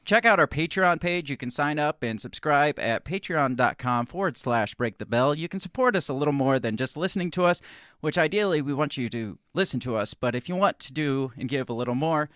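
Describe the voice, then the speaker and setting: A man's voice: fairly high pitch, lively intonation, a little fast, a bit bright, clear, resonant tone, no room sound, studio quality. A man hosting a podcast in a loose, joking way, chatting and laughing with a guest. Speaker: podcast host. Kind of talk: casual podcast chat.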